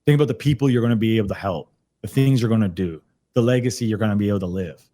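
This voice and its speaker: Energetic man in a casual chat. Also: on the low side, rapid-fire. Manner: energetic, repeats words and restarts often. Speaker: podcast guest, sales trainer. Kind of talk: casual conversational explanation. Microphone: computer on a video call.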